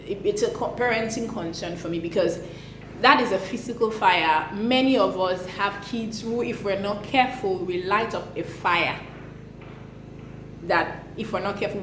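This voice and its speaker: A young woman, a parenting vlogger, talking to camera about discipline in an earnest, emphatic way. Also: medium pitch. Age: young adult. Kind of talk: casual talk to camera. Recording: echoey room with faint noise.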